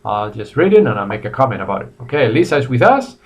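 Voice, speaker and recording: Man, middle-aged, English teacher, live online class, animated pitch, repeats phrases. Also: quick pace. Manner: lively, repeats phrases, greets chat viewers by name. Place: academy in Madrid.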